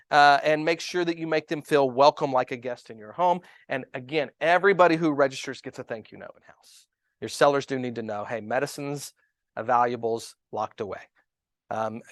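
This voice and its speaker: A man coaching real estate agents in a lively seminar talk, telling stories and acting out quoted dialogue. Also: on the high side, normal speed, dry recording. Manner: animated, storytelling, acts out quoted dialogue.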